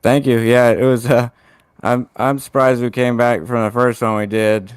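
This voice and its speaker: A man, a racing driver, giving a halting, laid-back post-race interview. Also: mid-range voice, level tone, clear, resonant tone, no echo.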